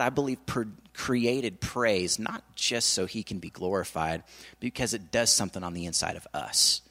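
A man's voice: on the low side, pushed and bright. A middle-aged man preaching a sermon, asking the congregation rhetorical questions and often checking in with "right?" and "amen?". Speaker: pastor.

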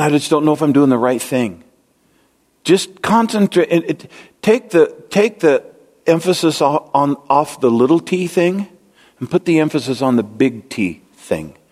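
A man's voice: on the high side, darkish tone. Man preaching a rambling sermon in a reverberant hall. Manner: rambling, conversational, asks the congregation questions. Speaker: pastor.

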